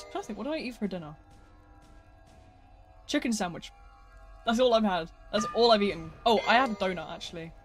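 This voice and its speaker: A man's voice: sits high, a bit bright. A man streaming a video game, chatting casually with viewers in a playful, joking way with mock-dramatic outbursts. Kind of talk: casual live-stream chat while gaming.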